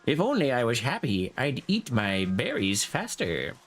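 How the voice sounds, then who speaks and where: A man giving casual gameplay commentary in a low, muttering, laid-back way. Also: wildly swooping pitch, measured pace, soft background music. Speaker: gamer.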